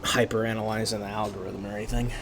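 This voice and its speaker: A man's voice: on the low side, little pitch movement, fast talker, noisy background. A man streaming and talking to himself in a casual, rambling way, tired and yawning, often restarting his sentences. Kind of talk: casual solo stream commentary.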